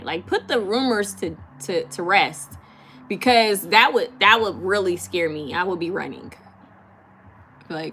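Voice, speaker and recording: A woman's voice: mid-range voice, a bit bright, a little hiss or hum. Woman, live-stream host, casual chat, giggly, talkative, reading comments aloud, mid-range voice. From California. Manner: chatty, giggly, with many fillers and quick repeats. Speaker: tarot reader hosting a live stream.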